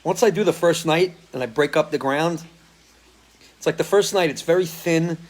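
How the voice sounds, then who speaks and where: A middle-aged man from the US Northeast, a musician hosting a relaxed live stream from a porch, greeting viewers by name one after another, his voice a bit worn from singing. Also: fairly high pitch, normal speed. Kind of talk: casual chat greeting viewers. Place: porch at home.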